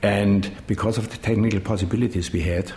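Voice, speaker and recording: A middle-aged man speaks English with a German accent, pausing often to find his words. His voice sits very low. The recording is echoey, with a faint rumble behind him. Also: fairly even intonation, a little mellow. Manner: halting, searching for English words with many ums. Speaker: managing director of a dubbing studio. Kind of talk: interview answers.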